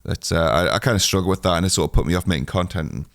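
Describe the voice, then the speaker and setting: A man's voice: low voice, very fast, vocal fry, a bit bright, no echo, clean studio sound. A man hosting a solo podcast, chatting casually in a rambling, self-deprecating way with lots of filler sounds. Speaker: podcast host.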